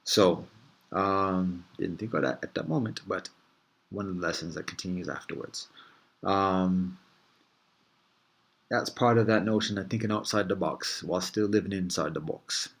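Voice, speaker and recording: A man's voice: low-pitched, normal speed, slightly rough. A man hosting a casual reflective monologue, thinking aloud in a meandering, easygoing way with frequent restarts and conversational slang. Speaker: host.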